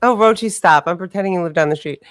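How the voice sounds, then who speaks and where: A woman co-hosting a casual chat show, telling a long story in a rambling, animated way and swearing freely. Her voice sits fairly low for a woman. The sound is dry and close, with no room echo. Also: fast talker. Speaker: podcast co-host.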